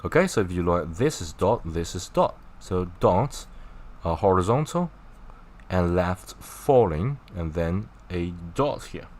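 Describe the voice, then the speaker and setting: A man's voice: low-pitched, expressive, a little slow, darkish tone. A man teaching a casual online language lesson, chatty and encouraging, explaining with gestures and repeated examples. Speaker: Chinese teacher.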